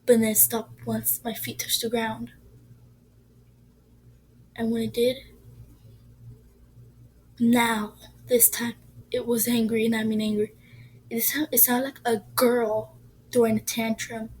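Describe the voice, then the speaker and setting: A woman's voice: a little high, level tone, takes it slowly, pauses often, a little mellow, a little hiss or hum, rough recording. A woman telling a ghost story in a casual, rambling way, often dropping to a whisper.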